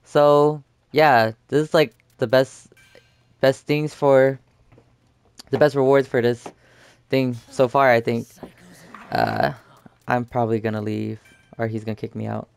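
A man's voice: mid-range voice, steady tone, unhurried, creaky, pauses often, clean tone. A young man giving casual, rambling commentary over his gameplay, full of fillers and restarts, talking close to the mic. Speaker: gaming YouTuber.

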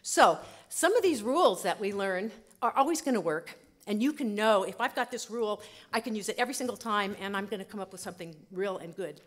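A woman linguist giving a lively conference talk, often checking in with her audience. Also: medium pitch, a little fast, hardly any pauses. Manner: lively, animated teaching with many "okay?" check-ins. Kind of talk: lecture at a language conference. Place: conference hall.

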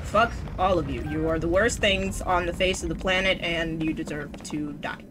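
A woman with a fairly low voice streams a video game at a normal speed, chatting casually and swinging from mock panic to swearing to sarcastic cheer. It's casual gameplay commentary, with game music and heavy background noise behind her.

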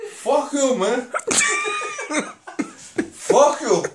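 A man voicing a menacing gangster boss, snarling, threatening and shouty. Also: very high voice, expressive, drawn-out words, distant mic, exaggerated voice. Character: menacing gangster boss, Tony Montana impression. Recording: echoey room with background noise.

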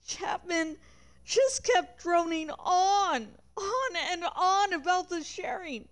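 A woman reading a novel aloud on a livestream, expressive, with chatty asides. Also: very high-pitched, slow pace. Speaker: reader of a book.

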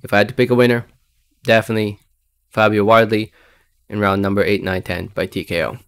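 A man with a somewhat low voice chats casually to his viewers as he sizes up an upcoming boxing match. He hedges a lot, filling his pauses with "um" and "I think" as he reasons aloud. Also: level tone, creaky, a bit bright, clear, resonant tone. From Philippines or United States. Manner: conversational, hedging with fillers. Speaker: boxing fight predictor. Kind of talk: casual prediction vlog.

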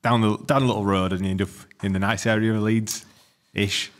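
Podcast host, man, rapid talker, lowish voice. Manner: fast, swearing, animated storyteller. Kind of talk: casual podcast chat.

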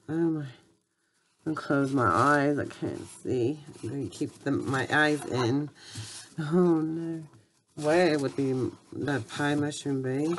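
Low slow woman muttering to herself, homemade skit, faint hiss behind.

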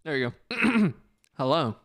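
A young man talks on a gaming livestream. His voice sits a little high and he sounds animated and self-mocking, with the odd curse. The sound is dry and close, with no room around it. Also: slow pace, no room sound. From France. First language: French. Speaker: streamer. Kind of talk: casual livestream chat while gaming.

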